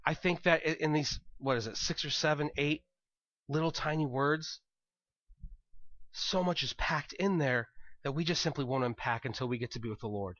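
A man's voice: fairly high pitch, moderate pace, fairly bright tone, dry recording, lo-fi sound. A male pastor preaching a conversational sermon, often repeating words as he thinks aloud.

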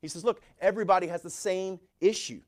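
A middle-aged man preaching a sermon as a pastor, reading scripture aloud with rising force and an animated delivery. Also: high voice, fast.

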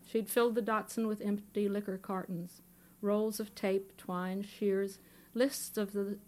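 A woman author reads her fiction aloud at a bookstore event, her voice at a plain middle pitch. She takes the lines in a measured, unhurried way. She speaks into a microphone. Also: a little mellow. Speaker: author reading her own work. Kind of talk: live fiction reading. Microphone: microphone on a stand.

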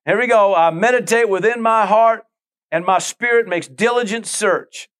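A man's voice: sits high, moderate pace, a bit bright. A middle-aged male pastor preaching a conversational sermon, full of asides, repeated phrases and calls to the listeners.

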